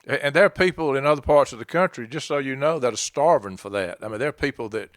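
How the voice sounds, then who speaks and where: A man's voice: medium pitch, fast. A man from South Georgia hosts a podcast, chatting easily and asking his guest open, curious questions. His voice is mid-range for a man. The sound is dry and close, with no room echo. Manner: conversational, asks open questions. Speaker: podcast host. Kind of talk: casual interview chat.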